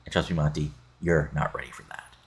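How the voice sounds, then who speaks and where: Man reading as cocky champ, low voice, husky, confident. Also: steady tone, a little fast, heavily acted. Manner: confident, read aloud plainly. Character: cocky male wrestling champion.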